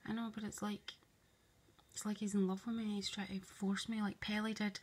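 Woman muttering a long rambling story to herself, gravelly, half whispering, answering her own questions. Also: medium pitch, little pitch movement, brisk. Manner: hushed, often drops to a whisper; meandering and confiding, voices both sides of an imagined dialogue. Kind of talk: rambling spoken monologue to camera.

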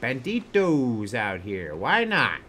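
A man's voice: medium pitch, wildly swooping pitch, fairly bright tone, slight background noise. A man playing a video game and commenting, joking around and then swearing furiously at enemies. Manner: profane, quick to rage, swearing at enemies; joking, laid-back banter. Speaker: gaming streamer. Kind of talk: let's play commentary.

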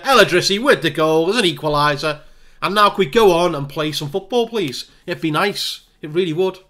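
Exasperated gamer commentating a match; bright, slightly high voice. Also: male voice. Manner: exasperated, animated play-by-play. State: hay fever. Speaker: gaming YouTuber. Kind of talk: live game commentary.

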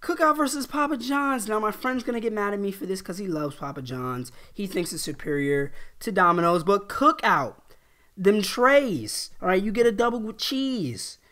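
A man's voice: high-pitched, expressive, normal speed, sharp tone. A man from New York talking casually in a vlog, offhand and loose, tacking "all right?" onto his points. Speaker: YouTuber.

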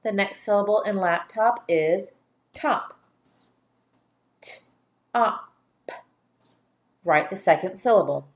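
In a mid-range voice, a woman leads young learners through phonics dictation, carefully sounding out each syllable.

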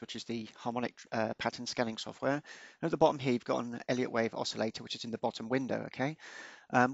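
Guy doing a screen-recording walkthrough, bit gravelly, dry dull lo-fi mic. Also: mid-range voice, dry recording. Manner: relaxed, unscripted, with frequent ums and small self-corrections. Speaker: software tutorial presenter.

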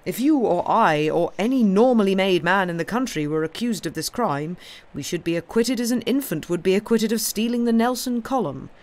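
A woman's voice: mid-range voice, animated, a little fast, a little mellow, voice pushed up, natural voice. A woman voicing a nervous, formal doctor. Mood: grave. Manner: careful, formal, grim. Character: tall, nervous bearded village doctor, a man.

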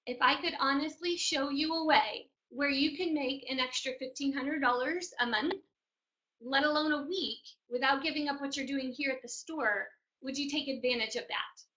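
A woman's voice: high voice, moderate pace, pushed and bright, highs cut off. A woman in her forties, a business mentor, giving a chatty motivational training talk and telling stories straight to her audience. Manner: chatty storyteller, addresses audience directly.

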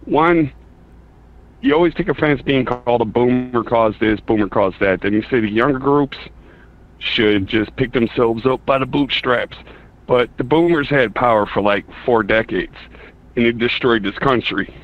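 A man's voice: medium pitch, normal speed. A man from Chicago calling into a radio show and arguing back in a casual, blunt, slangy way. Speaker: caller. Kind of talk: argumentative call-in. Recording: tinny phone line.

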